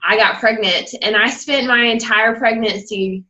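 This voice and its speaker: A woman's voice: on the high side, fairly even intonation, unhurried, sharp tone, highs cut off. A young woman on a team call who tells her personal story candidly and rambles a little, acting out the people she quotes. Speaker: guest speaker and fitness coach.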